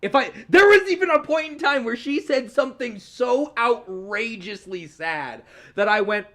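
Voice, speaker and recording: Young male podcast host, high voice, animated, cursing storyteller. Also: normal speed. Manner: animated, swears often, laughs while telling stories. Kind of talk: casual storytelling.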